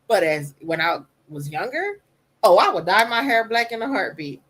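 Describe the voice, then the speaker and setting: A woman with a soft voice talks openly about her life on a podcast. She is emphatic and animated, and her pitch sits in the middle for a woman. She slips now and then into quick voices of other people. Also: low-quality recording. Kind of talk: candid personal storytelling.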